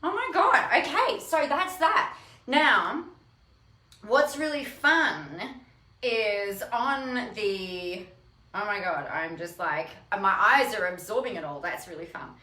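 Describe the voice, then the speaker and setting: A woman hosting a casual video, unboxing her own book and gushing with excitement. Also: medium pitch, takes it slowly. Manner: gushing and excitable, bursts of squealing. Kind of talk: casual live video chat. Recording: roomy echo.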